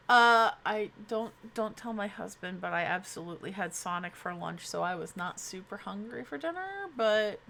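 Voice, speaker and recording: Bubbly, lively young woman streamer. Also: a little high. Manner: bubbly, chatty, self-mocking. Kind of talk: casual live-stream chat.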